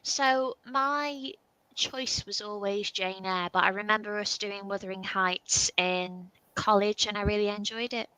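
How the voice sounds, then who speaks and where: A woman hosting a casual video chat, quick to agree, gasp and laugh. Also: mid-range voice, fairly even intonation, smooth, no echo, low-quality recording. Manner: warm agreeing reactions, gasps and laughs. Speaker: host.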